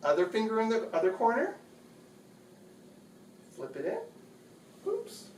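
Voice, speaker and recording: A man's voice: high-pitched, very animated, slow, a little mellow, a little hiss or hum. A man hosting a home video, giving a casual, patient how-to demonstration in a bedroom and repeating his steps as he goes. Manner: chatty, patient, repeats phrases. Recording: echoey room, distant mic.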